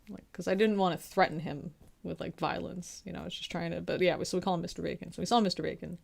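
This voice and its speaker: A woman's voice: fairly low pitch, fast, gravelly. Chatty woman telling a story. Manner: chatty, animated retelling with quoted voices. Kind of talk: casual anecdote.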